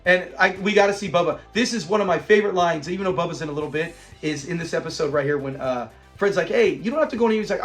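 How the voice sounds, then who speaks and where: A man's voice: a little high, rapid-fire, hardly any pauses, soft background music. A middle-aged man casually reviewing a sitcom episode, retelling scenes with laughter. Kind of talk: casual commentary.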